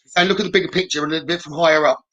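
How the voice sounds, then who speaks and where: A man's voice: a little high, fairly even intonation, very fast, sharp tone, rough recording. A man working as a psychic medium in a live reading, relaying messages in a reassuring way and often checking in with "okay?". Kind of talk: live-streamed spirit reading.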